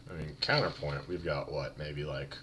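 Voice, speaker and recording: A man's voice: extremely low pitch, moderate pace, fairly bright tone, breathy edge. A man tossing out wry, offhand jokes in casual voice-chat banter.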